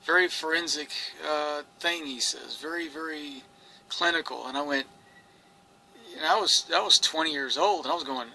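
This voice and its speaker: A man's voice: fairly high pitch, normal speed, vocal fry, sharp tone, a little hiss or hum, rough recording. A man telling his own story in an earnest, rambling monologue, restarting phrases and quoting others. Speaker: experiencer recounting his story. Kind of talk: personal monologue to camera.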